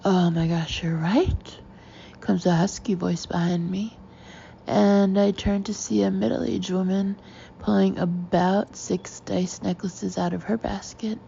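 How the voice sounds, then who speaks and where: A woman narrating a first-person audiobook in a wry, lively storytelling manner. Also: medium pitch, unhurried, gravelly, lo-fi sound, a little hiss or hum.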